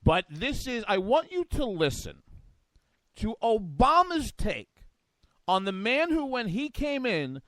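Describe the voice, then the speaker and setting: A man's voice: high-pitched, very animated, slow pace, fairly bright tone, no echo. A man hosting a talk show, giving combative, sarcastic political commentary. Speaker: radio talk show host.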